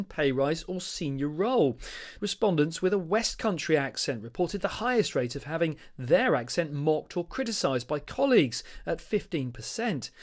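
A man reporting a news package in a measured, scripted narration. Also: fairly high pitch.

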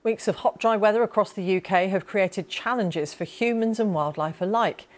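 A woman presenting the news in a measured, brisk way with the odd filler. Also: mid-range voice.

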